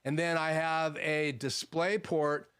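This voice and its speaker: A man's voice: on the high side, flat delivery, slow pace, a bit bright, clean tone. A man hosting a live stream from his home studio, casually explaining his gear and answering chat questions with frequent fillers. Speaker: livestream host.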